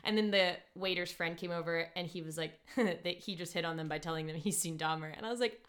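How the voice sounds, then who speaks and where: Bright, chatty woman telling a story. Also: fairly low pitch, fast talker. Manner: animated, lots of "like" and quoting. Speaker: podcast host. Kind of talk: casual storytelling chat.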